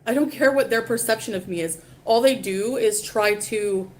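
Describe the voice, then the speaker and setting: A woman's voice: fairly high pitch, normal speed. A woman livestreaming, ranting casually in a dismissive, profane and rambling way.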